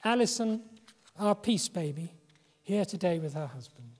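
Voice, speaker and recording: A man in his seventies from England giving a reflective public lecture, measured and slowing for emphasis. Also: high-pitched, sing-song. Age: 70s. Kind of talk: public lecture and poetry reading. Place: lecture hall. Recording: long hall reverb.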